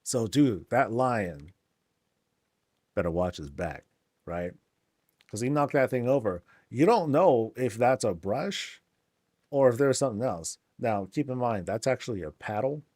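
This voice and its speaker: A man's voice: fairly low pitch, a little mellow, dry recording, clean studio sound. A man hosting a casual game tour, laid-back and joking, with lots of slang. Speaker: game channel host.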